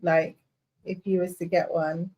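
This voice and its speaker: A woman chatting casually on a livestream video call from home, playful and quick to laugh, fussing over how to pronounce Latin names. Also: lowish voice, flat delivery, dark tone, low-quality recording. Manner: giggly, playful, corrects pronunciation. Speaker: livestream co-host. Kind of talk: casual chat. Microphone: phone on a video call.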